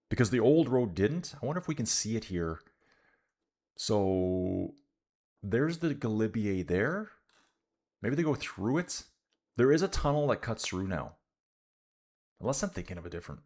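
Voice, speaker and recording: Casual male streamer from Canada, low voice, easygoing race commentary mixed with chat. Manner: laid-back, says "dude" a lot, chats with viewers. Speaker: cycling livestream commentator.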